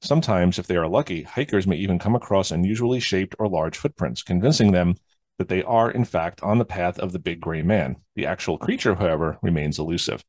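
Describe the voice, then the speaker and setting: A man's voice: low voice, a little fast, a little mellow, no room sound, studio quality. A man hosting a podcast, talking casually and rambling with lots of fillers. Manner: rambling, many fillers and restarts. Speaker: podcast host.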